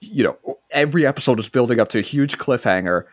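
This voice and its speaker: Lively-pitched man in casual chat. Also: fast talker, dry recording, clean studio sound. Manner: laughs often, chimes in with quips. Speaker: podcast co-host.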